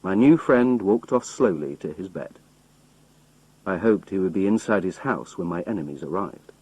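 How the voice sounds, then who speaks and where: Husky man, measured storyteller, lively pitch, dry close sound. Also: no room sound, poor audio. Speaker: narrator. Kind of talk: reading a simplified novel aloud.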